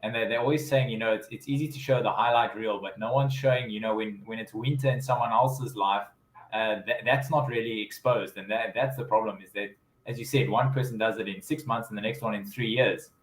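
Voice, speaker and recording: A man's voice: lowish voice, fairly even intonation, brisk. A man hosting an interview, reflecting and asking questions with frequent restarts. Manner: hesitant, many restarts. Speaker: host. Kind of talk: interview host chat. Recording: roomy echo.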